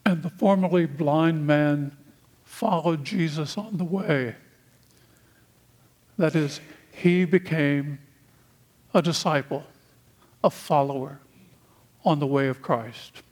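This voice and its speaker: A man from the United States preaching a sermon, speaking in slow, deliberate phrases with long pauses. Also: on the high side, darkish tone.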